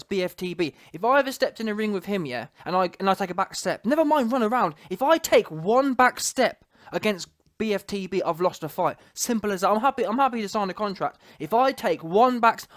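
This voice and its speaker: A man's voice: high voice, fairly bright tone, no room sound, clean studio sound. Emphatic man ranting about boxing. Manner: emphatic, digressive, street slang, repeats points. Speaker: boxing commentator. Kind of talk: casual rant to camera.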